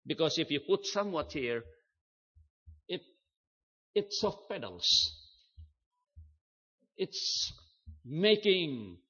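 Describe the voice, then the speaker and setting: An older man preaches at a deliberate, unhurried pace, his voice sitting a little high. He leans hard on key phrases and repeats them for emphasis. The recording is dull and lo-fi. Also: fairly bright tone. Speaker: pastor. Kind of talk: sermon.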